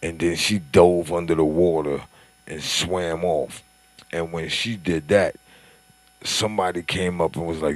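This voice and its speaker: A man delivers a casual commentary monologue. He is profane and animated, and he keeps building into indignant, mocking rants. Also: deep voice, moderate pace.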